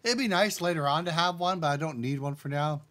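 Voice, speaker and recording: A man's voice: on the high side, brisk. Man thinking aloud on a live stream. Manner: relaxed, talks himself through settings step by step; addresses the chat directly. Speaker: game developer streaming live.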